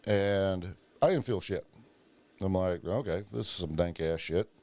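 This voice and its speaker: A man's voice: sits low, unhurried, a little mellow. A man hosting a podcast, telling profane stories in casual chat and acting out the voices of the people he quotes. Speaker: podcast host.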